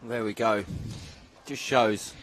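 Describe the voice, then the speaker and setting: A man doing live pool commentary, joking around with puns in relaxed banter. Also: fairly low pitch, takes it slowly. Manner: jokey, punning banter.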